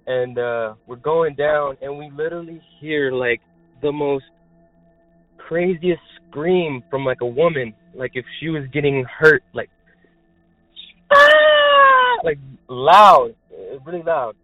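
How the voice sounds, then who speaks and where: Young male caller, rambling and excited, packs his story with fillers; tinny phone line, dry, soft music underneath. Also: a little high, no echo. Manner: excited, rambling, heavy use of filler words. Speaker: caller telling a paranormal experience. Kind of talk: casual storytelling.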